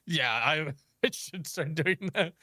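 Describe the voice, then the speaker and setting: A man who works as a chef, telling a story in casual chat, animated, laughing often and acting out quoted dialogue. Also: a little high, slow pace, no room sound, studio quality. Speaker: guest, chef.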